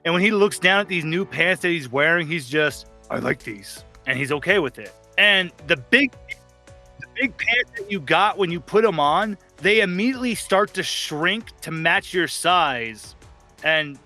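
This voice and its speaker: Bright-voiced man running a tabletop game. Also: sits high, expressive, normal speed. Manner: playful, laughs while narrating, does character voices. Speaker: game master. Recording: faint music behind.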